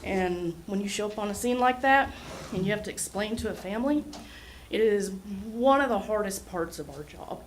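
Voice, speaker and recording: A woman in her forties speaks to a city commission about her ambulance service, earnest and heartfelt with a touch of nerves. Her voice sits at an ordinary middle pitch, and a faint hum of room noise runs beneath her. She talks plainly, like a medic more at home on a truck than at a podium. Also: expressive, normal speed, low-quality recording. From Oklahoma. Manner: earnest, heartfelt, a little nervous. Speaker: EMS administrator. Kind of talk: public remarks at a city meeting. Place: city hall meeting room.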